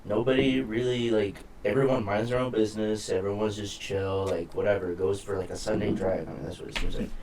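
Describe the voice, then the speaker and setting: A man's voice: on the low side, steady tone, a little fast, hardly any pauses, a little mellow, a little hiss or hum. A young man chatting on a podcast, swearing freely as he tells a story and acts out the people in it. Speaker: podcast co-host. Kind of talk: casual chat.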